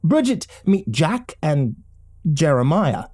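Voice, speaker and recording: A man's voice: a little high, very animated, slow, darkish tone, slightly rough, voice pushed up, heavily acted. A man voicing a poised, elegant young woman who speaks in a gracious, polite way.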